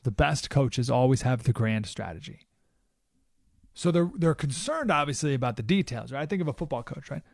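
A man hosting a talk radio show, delivering an animated monologue and acting out quoted voices with sudden jumps in pitch. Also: normal speed, vocal fry, dry recording, studio quality.

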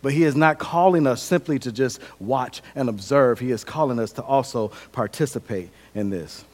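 A man's voice: mid-range voice, normal speed, darkish tone. A man preaching a sermon as pastor, conversational and humorous, acting out scenes and repeating his key points.

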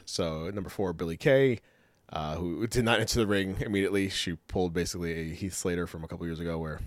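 A man with a low voice talks casually as a podcast co-host. He rambles, laughs often, and leans on fillers. The sound is dry and close, with no room echo. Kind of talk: casual chat.

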